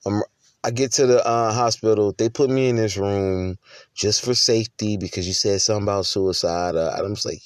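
Deep-voiced man telling a personal story. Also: steady tone, moderate pace, dry recording. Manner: candid, conversational, with frequent restarts. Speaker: husband and father.

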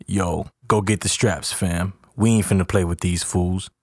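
A man's voice: low voice, fairly even intonation, unhurried, darkish tone, no echo, studio quality. A man doing a cocky, mocking young tough. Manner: mocking, streetwise slang.

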